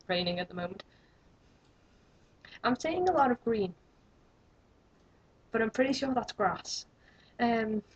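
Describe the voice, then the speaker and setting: Husky young woman rambling to camera. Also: medium pitch. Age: young adult. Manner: rambling, self-mocking, chatty. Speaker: vlogger. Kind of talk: rambling casual vlog. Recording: dull lo-fi webcam audio.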